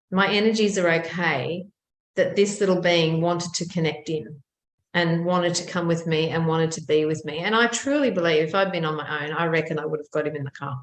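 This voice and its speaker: A woman co-hosting a podcast, telling a personal story with lively, animated energy. Her voice sits mid-range and carries a noticeable echo from the room. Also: medium pitch. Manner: lively, animated retelling with laughs. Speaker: podcast co-host. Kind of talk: casual storytelling chat.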